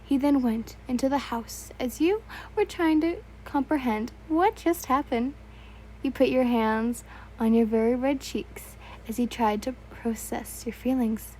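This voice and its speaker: A woman's voice: fairly high pitch, unhurried, dark tone, slight background noise, rough recording. A young woman reading fan fiction aloud in a casual, stumbling way, correcting herself and adding asides.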